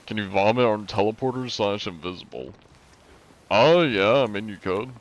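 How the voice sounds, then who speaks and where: A young man streaming a game live, chatting in a relaxed way and answering his chat while he plays. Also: on the low side, moderate pace, muffled recording.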